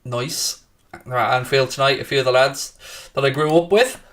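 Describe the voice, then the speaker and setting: A man hosting a football watchalong stream, reading viewer comments aloud and taunting rival fans with brash, profane banter that flares into shouting. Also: medium pitch, normal speed, recorded from a distance. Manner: excitable, shouting at times. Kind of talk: casual live-stream chat, reading and answering viewer comments.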